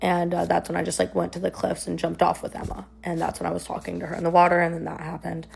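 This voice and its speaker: A woman's voice: on the low side, monotone, quick pace, vocal fry, darkish tone, slight background noise. A young woman casually recounting a personal story, rambling with lots of "like" and "um". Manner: rambling, filler-heavy retelling with many "like" and "um".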